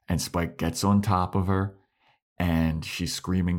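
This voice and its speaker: A man's voice: deep voice, unhurried, darkish tone. A man co-hosting a podcast, casually retelling scenes and acting out the characters' lines. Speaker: podcast co-host. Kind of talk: casual recap chat.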